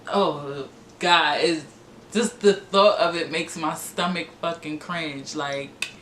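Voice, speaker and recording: Expressive woman telling a story. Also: deep voice, takes it slowly, a little hiss or hum. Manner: animated, dramatic storytelling with cursing and acted-out quotes. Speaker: vlogger. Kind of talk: storytime vlog. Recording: echoey room with music behind.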